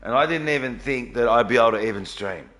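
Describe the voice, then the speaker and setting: A man's voice: medium pitch, quick pace, a bit bright. A man live-streaming a game from his home studio, chatting casually and greeting viewers by name.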